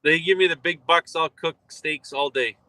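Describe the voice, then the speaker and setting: A man's voice: on the high side, normal speed, pushed and bright, no echo. A man calling in over a video call, laid-back and dry-witted in casual chat. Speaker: remote guest correspondent.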